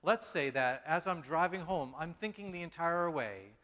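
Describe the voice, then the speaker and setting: A man's voice: fairly high pitch, normal speed, a bit bright. Stammering preacher man in a reverberant hall. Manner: stammering, self-deprecating, with frequent restarts. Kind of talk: casual sermon. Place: church hall.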